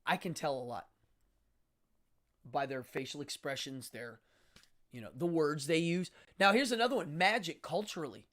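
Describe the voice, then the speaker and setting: Male host, magician type; theatrical, lively pitch, loose livestream chat. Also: moderate pace, long pauses. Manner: dramatic and animated, stumbling restarts. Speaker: magician and occultist hosting a live show. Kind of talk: casual livestream monologue.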